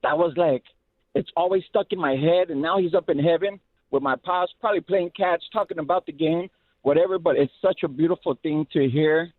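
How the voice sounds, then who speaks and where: A man's voice: on the high side, fairly quick, dry recording. A middle-aged man from Los Angeles calling a radio show, speaking in a heartfelt, rambling way and repeating himself. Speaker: caller. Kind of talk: emotional phone call to radio show. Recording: phone line.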